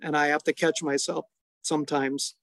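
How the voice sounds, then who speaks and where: Brief: middle-aged male storyteller, slightly high voice, close and dry, unhurried with chuckles. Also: little pitch movement, vocal fry, a bit bright, dry recording. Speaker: storytelling guest, father. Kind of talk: relaxed anecdotal storytelling.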